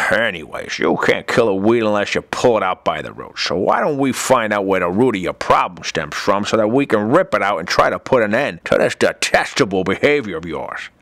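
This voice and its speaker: A man's voice: on the low side, expressive, normal speed, a bit bright, dry recording. A man voicing an exasperated, foul-mouthed male cartoon therapist with a sarcastic delivery. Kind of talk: cartoon comedy voice acting.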